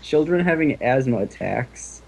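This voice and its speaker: A man's voice: medium pitch, animated, unhurried, creaky, slightly rough, low-quality recording. A man playing an online card game with friends, reading cards and explaining a glitch in casual chat.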